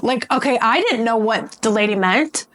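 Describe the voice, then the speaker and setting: A woman's voice: fairly high pitch, expressive, normal speed, fairly bright tone. Chatty rambling woman vlogger. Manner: chatty, rambling, many fillers and restarts. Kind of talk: casual storytelling to camera.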